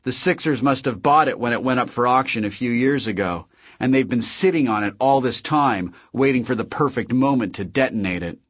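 A man's voice: medium pitch, a little fast, fairly bright tone, lightly acted. A man reading an audiobook, voicing a young woman who speaks with barely contained rage. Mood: angry. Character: young adult woman fighter, angry and sharp.

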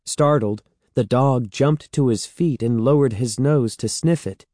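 This audiobook narrator, a man with a mid-range voice, keeps a steady, measured storytelling delivery. There's no echo, and the sound is studio quality.

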